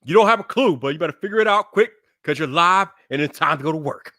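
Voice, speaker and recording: A man hosting a tech live stream in casual chat, hyping it up playfully and shouting greetings to his chat. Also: on the high side, lively intonation, quick pace, no room sound, clean studio sound.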